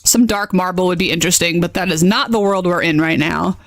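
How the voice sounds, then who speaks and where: Hosting a relaxed tutorial stream as game master, a woman chatters excitedly, narrating her reactions as she clicks and tacking "okay?" onto her lines. She has a lowish voice and a brisk pace, in studio-quality audio with no echo.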